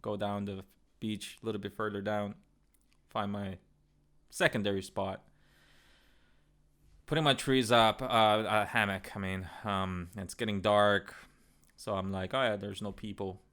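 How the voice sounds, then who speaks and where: A man's voice: on the low side, fairly even intonation, unhurried, long pauses, fairly bright tone, smooth. A man in his thirties telling a travel story in a casual, rambling, profane way. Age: 30s. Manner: profane, rambling, laid-back. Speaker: travel vlogger.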